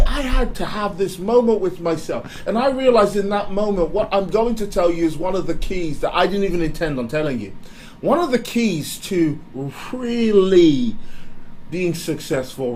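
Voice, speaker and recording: A man giving a candid motivational talk, animated and confessional, often breaking into laughter. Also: sits high, a little hiss or hum, low-quality recording. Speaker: speaker.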